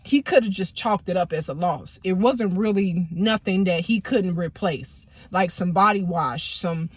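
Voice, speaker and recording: A woman's voice: on the low side, measured pace, breathy edge, dry recording. Woman, storytime vlog, casual and profane, rambling, dry close sound. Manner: profane, rambling, acts out quoted people. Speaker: storytime vlogger.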